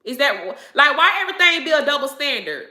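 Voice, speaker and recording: A woman, chatting on a livestream with a bright, forceful voice that sits a little high. She talks emphatically, circling back over the same phrases. The sound comes from an echoey room. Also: very animated, fairly quick. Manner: emphatic, repeats phrases, laughs often. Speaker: livestream host answering viewers. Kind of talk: casual livestream chat.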